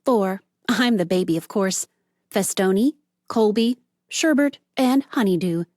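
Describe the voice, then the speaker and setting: A woman's voice: mid-range voice, lively intonation, unhurried, darkish tone, no echo, clean studio sound, close to an everyday voice. A woman doing a bubbly chatty young barista. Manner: bubbly, brash, talkative.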